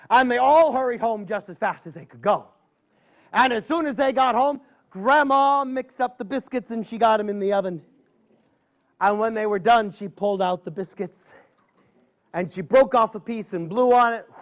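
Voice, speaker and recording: A man storyteller telling a folksy tale to a live audience, dramatic and drawing out his pauses. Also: high voice, fairly bright tone.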